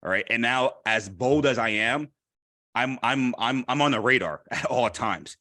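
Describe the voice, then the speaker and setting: Man, panel speaker, mid-pitched, animated, repeats lines for emphasis, dry close sound. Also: moderate pace, no room sound. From Haitian heritage. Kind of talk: candid personal talk.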